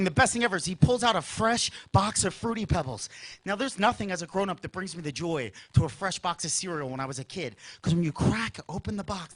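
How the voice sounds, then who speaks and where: A young man performing a stand-up comedy set on a club stage, telling his bits with lots of energy and yelling out the funny parts. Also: high-pitched. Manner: animated, yelling bits and voicing his brothers and mom.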